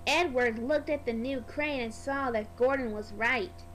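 High-voiced woman reading a storybook slowly. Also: fairly bright tone, slight background noise, poor audio. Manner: slow, careful read-aloud. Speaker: storybook narrator.

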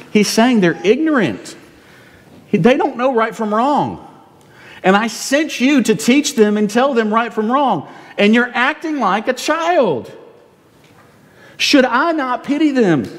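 Man, pastor, sermon, animated and conversational, fairly high lively voice, long church reverb. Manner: animated, conversational, rhetorical tag questions. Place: church sanctuary.

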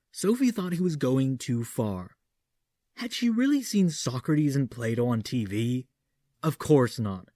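A man's voice: mid-range voice, dark tone, no echo, clean studio sound. Man reading in a classic horror-film impression. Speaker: audiobook narrator. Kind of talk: audiobook reading doing a Vincent Price impression.

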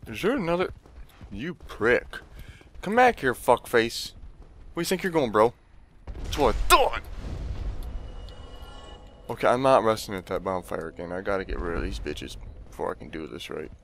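Lively trash-talking young man gaming. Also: on the low side, normal speed, vocal fry, pauses often, a little hiss or hum. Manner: swearing trash talk at enemies, sudden yelps. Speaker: let's play host. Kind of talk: gameplay commentary.

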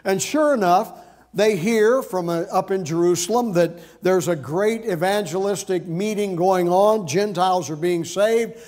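A man's voice: sits high, unhurried, a little mellow. A male pastor preaching an earnest sermon, explaining scripture step by step.

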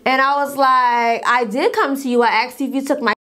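Animated young woman telling a story. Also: sits high, a little fast. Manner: animated, acts out other people's lines. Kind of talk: casual story time.

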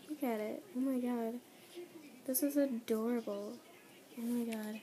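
Teen girl, vlogger, bubbly, giggly, high-ish voice, noisy home recording. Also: measured pace, pauses often. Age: teens. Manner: bubbly, giggly, gushing with excitement. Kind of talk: casual unboxing chat.

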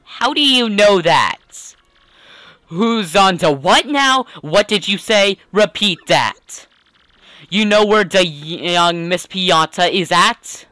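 A man voicing a gruff male mobster henchman who talks in tough-guy gangster slang. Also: sits high, lively intonation, takes it slowly, bright, forceful tone, no room sound, voice pushed up, exaggerated voice. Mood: heated.

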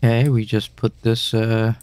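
A man's voice: on the low side, flat delivery, moderate pace, a little mellow, clear, resonant tone, no room sound. A young man giving wry, suspicious commentary while playing a horror game, swearing now and then. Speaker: gaming channel host.

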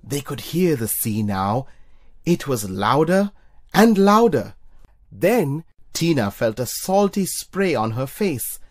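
A narrator reading a children's storybook aloud in an expressive way. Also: a little slow. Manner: expressive, puts on high squeaky voices for characters. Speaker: storybook reader for young children.

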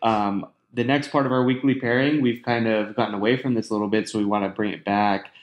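A man's voice: fairly low pitch, steady tone, fast. A man hosting a casual podcast chat, rambling with lots of fillers while steering the conversation. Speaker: podcast host. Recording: roomy echo.

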